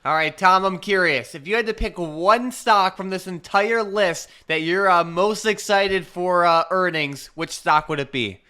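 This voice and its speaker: A man with a bright, crisp voice chats about stocks in a relaxed way. He talks loosely and fills gaps with fillers. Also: high voice, a little slow, hardly any pauses. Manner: relaxed and conversational, with frequent "uh" and "like". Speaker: co-host of a stock market show. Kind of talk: casual market chat.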